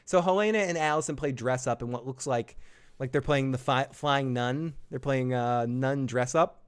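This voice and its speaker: A man's voice: mid-range voice, moderate pace, clean tone. A man giving a casual, jokey show recap and telling stories, rambling and swearing freely. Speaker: TV show reviewer.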